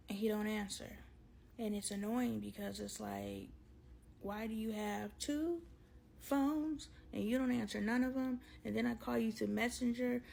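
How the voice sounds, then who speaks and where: A woman talking candidly to camera in a casual storytime vlog, slangy and animated, acting out both sides of an argument with her husband. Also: medium pitch, vocal fry, slight background noise, low-quality recording. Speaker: vlogger.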